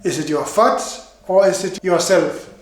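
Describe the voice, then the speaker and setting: A steady, encouraging friend explains things patiently and gently, as a man acts him out in a read-aloud story. The voice is high for a man. An echoey room surrounds it. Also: unhurried. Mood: reassuring. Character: calm, reassuring male old school friend.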